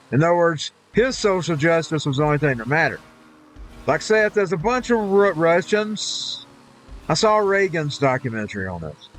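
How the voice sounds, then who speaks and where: A man ranting indignantly while streaming a game, rambling and restarting his sentences. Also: a little high. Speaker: live streamer.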